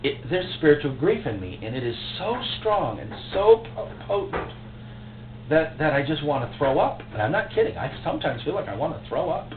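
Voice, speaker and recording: A man preaching a sermon as pastor, emotional and impassioned, with sudden loud outbursts. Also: fairly high pitch, big pitch swings, fairly quick. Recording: echoey, tinny phone-like recording with faint hum.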